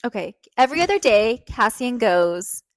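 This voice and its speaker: A woman's voice: fairly high pitch, big pitch swings, normal speed, dry recording. A young woman co-hosting a podcast, chatting casually about a book with many likes and restarts. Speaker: podcast co-host. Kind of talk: casual book discussion chat.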